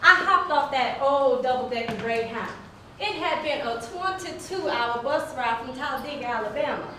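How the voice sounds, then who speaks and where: A woman playing a petite, spirited young singer, telling her story on a stage in a lively, folksy manner. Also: sits high, moderate pace, slight background noise. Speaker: narrator of a one-woman stage play. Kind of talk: theatrical storytelling. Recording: echoey hall from far off, faint music.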